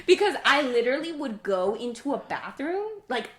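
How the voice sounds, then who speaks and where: A woman's voice: high voice, big pitch swings, normal speed, fairly bright tone, slight background noise. A woman co-hosting a podcast in casual chat, talking and laughing often. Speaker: podcast co-host. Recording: echoey room.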